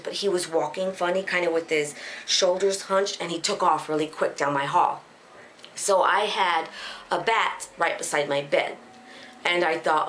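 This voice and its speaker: A young adult woman earnestly retelling a frightening personal experience, halting and emotional, with frequent restarts. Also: on the low side, a bit bright, slight background noise. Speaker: storyteller. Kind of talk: casual personal story.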